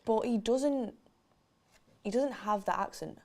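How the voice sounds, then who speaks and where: Teasing woman co-host, lively chat. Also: a little high. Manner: lively, teasing, quick to laugh. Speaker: co-host reading viewer chat. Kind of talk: casual chat during a match watchalong.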